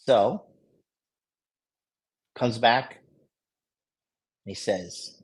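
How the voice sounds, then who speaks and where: Unhurried and pausing often, a man with a medium-pitched voice tells a casual story in a private hospital room, captured in a low-quality recording. He's a dating coach vlogger whose telling is boastful and full of heavy swearing.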